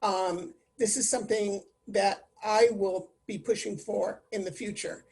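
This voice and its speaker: Husky woman giving a halting answer. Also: medium pitch, fairly even intonation, a little mellow. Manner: halting, many fillers. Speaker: city council candidate. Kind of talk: virtual forum answer. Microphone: video call.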